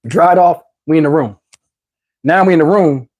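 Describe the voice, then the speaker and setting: A middle-aged man telling a comic story, animated, with loud outbursts while acting out quotes. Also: a little high, normal speed. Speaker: comedian. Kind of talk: stand-up storytelling.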